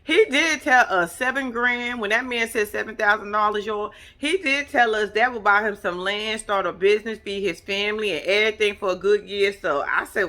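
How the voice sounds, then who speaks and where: A woman recapping a reality show in casual chat, with animated, profane, laughing commentary that addresses her viewers directly. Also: medium pitch, normal speed.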